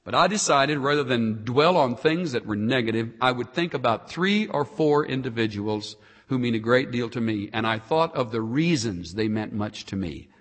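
A man preaching a sermon, swinging between loud, emphatic passages and soft, quiet asides. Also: medium pitch, lively intonation, moderate pace, big-room sound.

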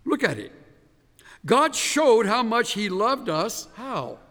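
Male pastor preaching, high voice, long reverb of a big hall, emphatic, voice sinks quiet at the end of phrases. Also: sing-song, takes it slowly. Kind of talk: sermon.

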